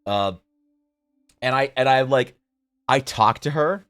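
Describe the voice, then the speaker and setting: A man's voice: medium pitch, slow pace, a bit bright, smooth. A young man on a live art stream, telling a rambling, self-mocking story with some casual swearing. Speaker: streamer and artist. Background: faint music.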